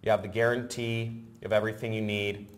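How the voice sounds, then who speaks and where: A man hosting a sales webinar over a video call, pushy and building to loud excitement. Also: fairly low pitch, brisk. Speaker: webinar host.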